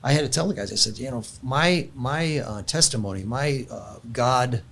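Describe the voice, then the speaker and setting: A man's voice: medium pitch, normal speed, creaky, a bit bright. A man, older in years, earnestly sharing a personal faith story in casual chat, with frequent restarts. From California.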